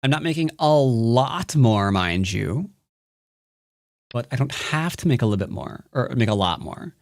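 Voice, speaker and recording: A jokey man walks viewers through his moves in live-streamed game commentary. His voice swoops high and low as he clowns around. The sound is dry, with no room around it. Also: expressive, measured pace, no echo. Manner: playful, jokey, breaks into silly sing-song nonsense. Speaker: Go teacher.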